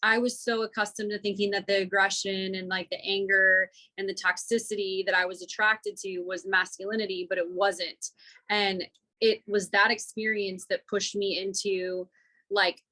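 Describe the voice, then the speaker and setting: A woman guest on a podcast, speaking in a bright, clear tone. She rambles candidly, stringing thoughts together with plenty of filler words. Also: mid-range voice, little pitch movement, moderate pace, poor audio. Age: adult, single mother. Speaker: guest, women's coach. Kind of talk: casual podcast conversation.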